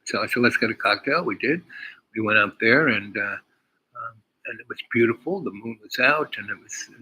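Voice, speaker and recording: A man's voice: on the low side, moderate pace, pushed and bright, slight background noise, low-quality recording. Older man rambling through a story. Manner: meandering, full of fillers and asides. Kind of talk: rambling personal anecdote.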